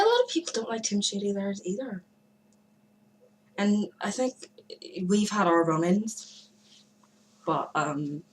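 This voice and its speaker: A woman's voice: medium pitch, rough recording. A young woman chatting to camera from her room at home, rambling and hesitant, with many fillers and restarts. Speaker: vlogger giving forum shout-outs. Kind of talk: casual rambling monologue to camera.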